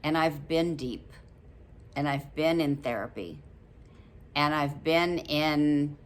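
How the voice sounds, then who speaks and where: A woman's voice: low-pitched, takes it slowly. A woman in her late seventies chatting casually to her viewers about a book, rambling a little, with many ums and frequent laughs. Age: 70s. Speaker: vlogger reviewing a book. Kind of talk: casual chat to camera.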